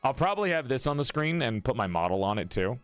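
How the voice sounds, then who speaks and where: A man's voice: medium pitch, big pitch swings, fast talker, clean tone, no room sound, soft background music. A man chatting casually on a live stream while playing a tabletop game, laughing often and talking to his viewers.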